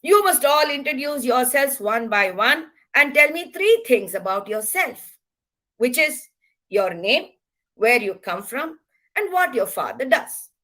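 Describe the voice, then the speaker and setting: A woman's voice: high-pitched, very animated, measured pace, bright, forceful tone, heavily acted. A woman voicing a male village schoolteacher in a storybook, formal and instructing the class.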